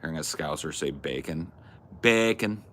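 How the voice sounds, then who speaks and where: A man with a very low, gravelly voice chatting on a podcast. His pitch swings widely as he jokes, swears and mocks himself. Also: expressive, normal speed, fairly bright tone. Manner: joking, profane, self-mocking. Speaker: podcast host. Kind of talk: casual chat.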